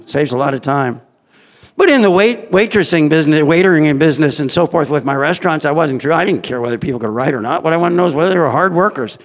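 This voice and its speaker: A middle-aged man speaks to an audience with blunt, joking candor, chuckling as he goes. His voice sits fairly high with a gravelly edge. It carries a long, echoing reverb from a large hall. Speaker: employer giving a talk. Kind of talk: humorous speech to an audience.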